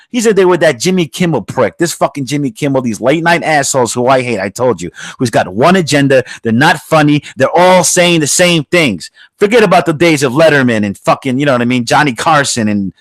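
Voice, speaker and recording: A man's voice: medium pitch, no room sound. A man hosting a podcast, delivering a heated political rant that is full of swearing and rambling restarts. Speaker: podcast host.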